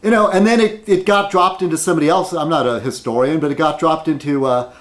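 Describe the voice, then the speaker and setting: A man's voice: fairly high pitch, quick pace. A man rambling at his desk in an opinion video blog, arguing with many rhetorical questions and fillers. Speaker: video blogger.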